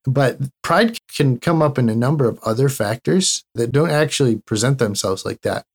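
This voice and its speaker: A man's voice: mid-range voice, lively intonation, moderate pace, slightly rough. A man co-hosting a casual faith talk show, talking in an easygoing, conversational way with fillers. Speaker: co-host.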